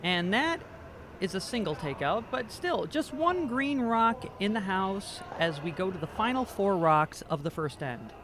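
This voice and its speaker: A man's voice: high-pitched, big pitch swings, measured pace, a bit bright, slight background noise. A man doing amateur commentary on a curling game, joking and self-deprecating and stumbling over players' names. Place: curling rink.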